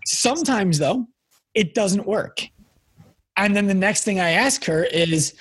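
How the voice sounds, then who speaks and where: A man hosting a podcast interview, telling stories in a casual, lively way with quick bursts of speech. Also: sits high, husky, dry recording. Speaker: podcast host.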